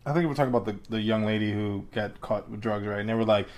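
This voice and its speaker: A man's voice: lowish voice, rapid-fire, darkish tone. A man in a casual chat, laid-back and slangy, often laughing as he talks.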